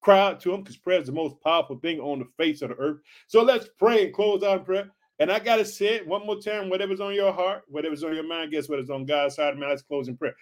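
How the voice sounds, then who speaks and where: A man's voice: a little high, fast, hardly any pauses. A man preaching an informal sermon, reading scripture and calling out to his listeners as family. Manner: energetic, calls out to listeners as family.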